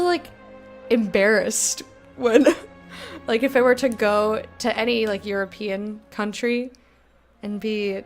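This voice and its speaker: An American woman streaming a game, chatting casually with her viewers, self-mocking and quick to laugh. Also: mid-range voice. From United States. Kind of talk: casual gameplay commentary, reading chat.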